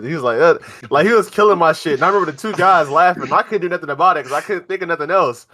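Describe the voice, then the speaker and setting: A man's voice: on the high side, racing, hardly any pauses. A young man, a podcast co-host telling a casual, slang-heavy story and acting out what people said. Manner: animated, slangy, acts out quoted lines.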